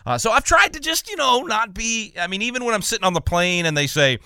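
A man from Texas hosting a talk radio show, talking fast and emphatically with frequent repeated words. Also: high-pitched, lively intonation, sharp tone, dry recording, clean studio sound.

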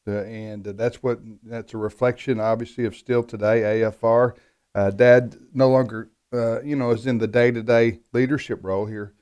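Halting middle-aged man on talk radio. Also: medium pitch, steady tone, a little mellow, clear, resonant tone. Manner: halting, many restarts and fillers. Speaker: radio network executive and guest. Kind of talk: radio talk show conversation.

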